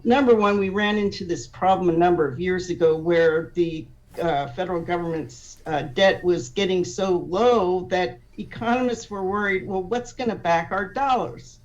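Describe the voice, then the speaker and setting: A woman's voice: lowish voice, normal speed, darkish tone. Woman guest talking through an idea step by step, lots of restarts, sounds a bit far from the mic, dull audio. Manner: thoughtful, explains step by step with many restarts. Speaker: guest on an economics podcast. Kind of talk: explanatory podcast discussion.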